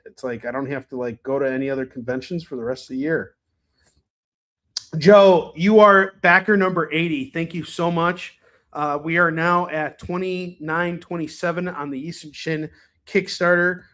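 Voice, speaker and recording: Swear-happy guy hawking comics on a stream, kinda high voice, rambly and jokey. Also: a bit bright. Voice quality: profane, rambling, joking. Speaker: live-stream comics seller. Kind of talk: casual live-stream sales chat.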